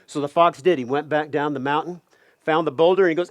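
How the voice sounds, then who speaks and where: A man telling a folk tale aloud, animated, with playful asides. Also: a little high, fast, no room sound, lo-fi sound. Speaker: storyteller.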